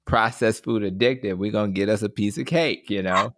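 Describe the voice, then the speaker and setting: Deep-voiced male doctor host, friendly shout-outs, dry close recording. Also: normal speed, no echo. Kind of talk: casual interview talk.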